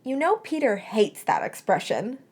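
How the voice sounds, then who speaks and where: A woman's voice: on the high side, huge pitch swings, moderate pace, a little mellow, slightly rough, exaggerated voice. A woman voicing a teenage witch girl who is sulky and tearful, snapping back as she speaks. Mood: bickering.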